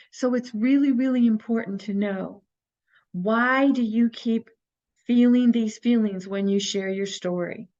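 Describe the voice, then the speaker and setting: Teaching a recorded course on healing the inner child, a woman with a fairly high voice talks earnestly to her audience. She guides them with rhetorical questions, and the sound is lo-fi.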